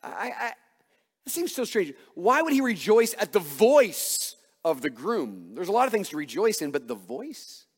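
A male pastor preaching a sermon, emphatic and full of rhetorical questions, swinging between hushed and loud delivery. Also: high-pitched, big pitch swings, moderate pace, husky. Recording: long hall reverb.

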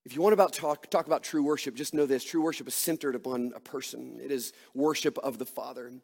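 A man's voice: mid-range voice, quick pace, gravelly, a little mellow, slightly rough, in a large hall. A man preaching a sermon as pastor, earnest and emphatic, asking his listeners rhetorical questions.

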